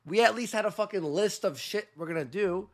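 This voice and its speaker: A man's voice: high voice, brisk. A man co-hosting a comedic podcast, cutting in with sardonic, mocking remarks. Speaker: podcast co-host.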